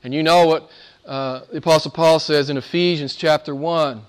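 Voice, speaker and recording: A male pastor preaching a sermon, emphatic, swinging between quiet points and rising declarations. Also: fairly high pitch, steady tone, normal speed, clean tone.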